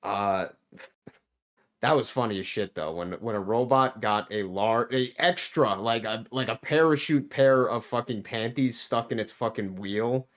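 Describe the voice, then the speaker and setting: A man's voice: medium pitch, unhurried. A man in his thirties telling a work story in casual podcast chat, laid-back, swearing constantly and restarting his sentences. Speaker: podcast guest.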